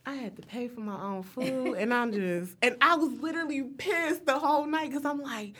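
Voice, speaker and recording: A young woman co-hosting a podcast, telling a story with lively acted-out quotes in casual chat. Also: sits high, moderate pace. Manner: animated storyteller, acts out quotes. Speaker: podcast co-host.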